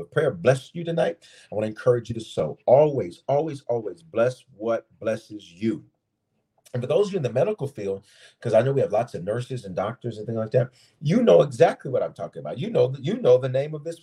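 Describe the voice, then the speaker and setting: Man, bishop, sermon style, lively swinging delivery, soft husky tone. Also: medium pitch. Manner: animated, calls out to viewers by name. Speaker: bishop leading online prayer. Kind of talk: preaching prayer-service sermon.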